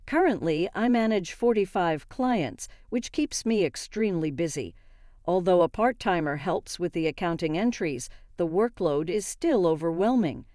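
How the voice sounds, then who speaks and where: A woman narrating a first-person story in a steady, even read. Her voice is slightly low, and the sound is close and dry with no room echo.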